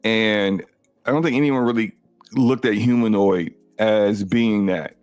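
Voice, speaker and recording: A man's voice: lowish voice, a little slow, darkish tone, dry recording, faint music behind. A man co-hosting a gaming podcast, talking casually and insistently, often repeating words as he argues a point. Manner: rambling, emphatic, repeats words when arguing. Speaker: podcast co-host.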